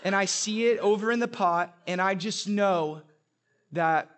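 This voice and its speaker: A man's voice: sits high, a little slow, a bit bright. A young adult man preaching a sermon, telling stories with humor and emphatic repetition. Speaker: pastor.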